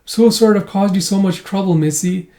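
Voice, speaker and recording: A man's voice: high-pitched, brisk, pitched above the performer's own voice. A man voicing a sweet, confused old man who apologizes a lot, while reading a comic aloud. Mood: doddering. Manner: apologetic, overly excited outbursts.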